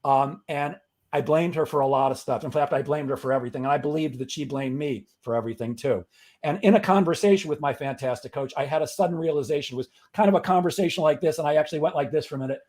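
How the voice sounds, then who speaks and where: Middle-aged man, guest, earnest storytelling, motivational, slightly high voice. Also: fast talker, a little mellow. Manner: earnest, builds to emphatic preaching. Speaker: guest, sales coach.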